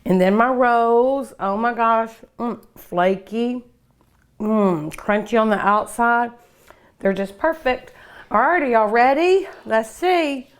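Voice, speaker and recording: A woman's voice: on the high side, slow pace. An older woman with a Kentucky Southern accent, hosting a cooking show and gushing over each dish as she tastes it, humming and sighing between bites. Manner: savoring, gushing over each bite with hums and sighs. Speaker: cooking show host and restaurant owner. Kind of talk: food tasting show.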